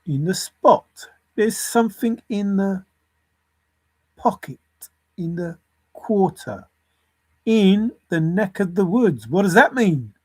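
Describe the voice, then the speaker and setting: A man's voice: high-pitched, lively intonation, takes it slowly, long pauses, husky, no room sound. A man rambling alone through lists of words and clues, chuckling to himself as he thinks aloud. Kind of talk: rambling solo puzzle musing.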